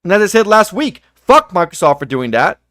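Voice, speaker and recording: A young man on a livestream, his voice pitched high and swinging wildly as he rants. He swears freely and bursts out loud now and then. The sound is close and dry. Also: fairly quick, dry recording. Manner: animated, profane ranting with sudden loud outbursts. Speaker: livestream co-host. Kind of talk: heated casual chat.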